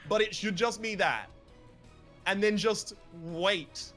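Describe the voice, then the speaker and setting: A man's voice: high voice, slow pace, bright, forceful tone, faint music behind. A man co-hosting a let's play, chatting casually while gaming in a rambling, opinionated way and swearing freely.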